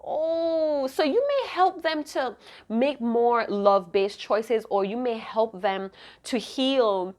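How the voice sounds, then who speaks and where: A woman's voice: a little high, very animated, measured pace. A woman giving an intuitive tarot reading to camera, emotive and rambling, often breaking off mid-thought to restart. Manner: rambling, emotive, self-interrupting. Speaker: tarot reader.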